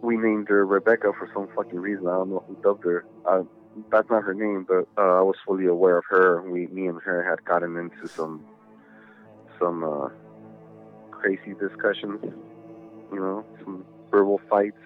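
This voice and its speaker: A man's voice: low voice, fairly even intonation, normal speed. A man telling a long story in casual chat, rambling, swearing often and filling gaps with "you know". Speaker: podcast guest. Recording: tinny phone-like line with faint music.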